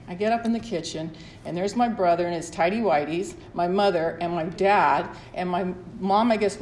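A woman's voice: mid-range voice, darkish tone. Middle-aged lady sharing her story at a meeting, rambly and candid, roomy echo, faint hum. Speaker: recovery meeting speaker. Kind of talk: personal sharing at a support meeting. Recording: echoey room, faint ambience.

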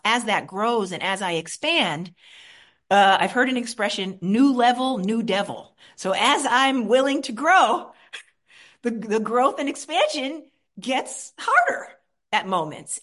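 A woman from Queens, New York, candidly sharing her personal recovery story at a support meeting, animated and shifting between soft and lively. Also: medium pitch.

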